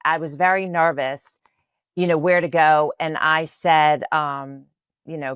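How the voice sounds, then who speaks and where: Podcast guest, woman, Spanish first language, from New Orleans, low voice, heartfelt rambling storyteller. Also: steady tone, moderate pace, clean tone, no echo. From New Orleans, USA. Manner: earnest, emotional, many fillers. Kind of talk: personal faith storytelling.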